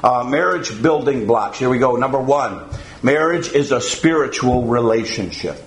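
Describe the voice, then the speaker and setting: A man preaching a sermon to his congregation in a folksy, halting way, often pausing on "uh" and chuckling. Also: mid-range voice, lively intonation, echoey room, poor audio. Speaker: pastor.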